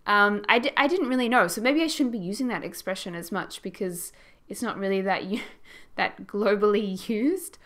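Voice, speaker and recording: A woman's voice: medium pitch, moderate pace, a bit bright. A young Australian woman chatting casually as she narrates a house build for her channel, rambling and laughing as she goes. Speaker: gaming YouTuber.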